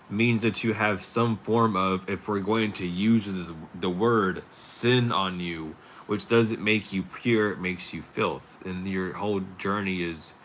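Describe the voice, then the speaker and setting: A man hosting a spiritual talk stream, rambling casually with many fillers and pauses. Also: on the low side, a bit bright, slight background noise. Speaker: tarot stream host.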